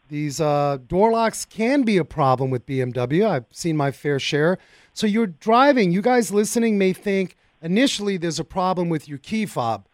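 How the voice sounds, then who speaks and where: A man hosting a car talk radio show, chatting in a folksy, excitable way and speaking straight to his listeners from a studio mic. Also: high-pitched, no echo.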